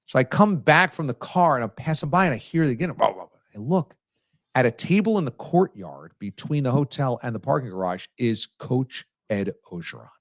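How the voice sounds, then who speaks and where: A male sports radio host telling stories casually, animated and teasing, with sudden jumps in his voice. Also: mid-range voice, brisk, no echo, clean studio sound. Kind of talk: casual storytelling on a sports talk show.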